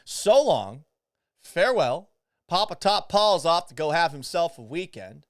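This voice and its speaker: A man's voice: on the high side, very animated, unhurried. A man hosting a sports podcast, ranting in a casual, incredulous and profane way. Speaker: sports talk host. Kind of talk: casual sports talk rant. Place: Houston.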